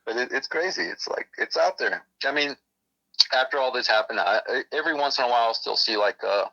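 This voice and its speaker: A man with a rough, gravelly voice and a sharp, bright edge tells a story in a loose, rambling way, often breaking off mid-sentence. He is heard over a muffled, lo-fi phone line. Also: medium pitch, a little fast. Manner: rambling, self-interrupting. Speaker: guest, military veteran. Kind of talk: casual storytelling. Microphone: phone call.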